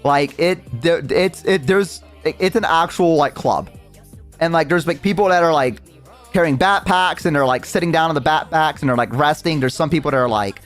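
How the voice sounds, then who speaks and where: A young adult man, a streamer, telling a story in a rambling casual way, full of fillers and swearing. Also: fairly high pitch.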